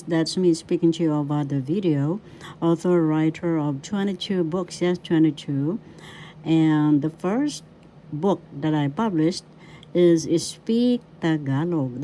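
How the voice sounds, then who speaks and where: An older woman from the Philippines, a language teacher and author, introducing a video lesson in a formal, deliberate way and repeating her name and degrees. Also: low-pitched, dark tone, a little hiss or hum. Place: her home in New York City.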